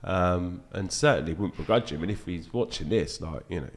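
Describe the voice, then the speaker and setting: A man, a dart reviewer guest, chatting casually on a podcast and telling animated stories with frequent laughs and fillers. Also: deep voice, normal speed, slight background noise. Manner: animated storyteller, laughs often, lots of fillers.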